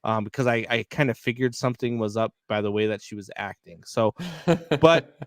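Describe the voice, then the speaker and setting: A man co-hosting a live sports talk show, telling stories in a lively, filler-heavy way. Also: lowish voice, a little fast, smooth, dry recording, clean studio sound. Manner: animated storyteller, many fillers. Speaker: podcast co-host. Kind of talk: casual live sports chat.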